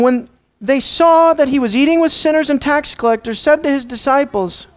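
A man's voice: very high voice, moderate pace. A man pastor preaching a sermon, dramatic, asking the congregation rhetorical questions and acting out the people in the story.

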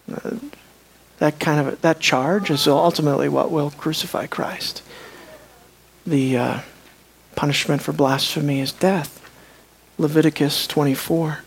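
A preacher delivering a sermon, swinging between hushed, slow asides and loud, emphatic declarations, and asking the listeners rhetorical questions. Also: mid-range voice, fairly even intonation, breathy edge.

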